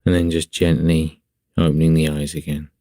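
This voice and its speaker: A man leading a guided breathing meditation in a slow, soothing, calm manner. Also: extremely low pitch, no echo, clean studio sound.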